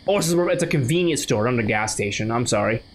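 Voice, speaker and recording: Over a bit of background noise, this American man speaks quickly with lively intonation at a medium pitch. As a gaming channel host, he chats casually while playing through a game, thinking aloud and frequently starting his sentences over.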